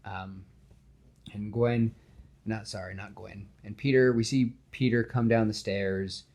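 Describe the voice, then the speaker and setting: A man hosting a podcast, casually pitching a film scene with animated storytelling and lots of fillers. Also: a little slow, creaky. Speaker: podcast host.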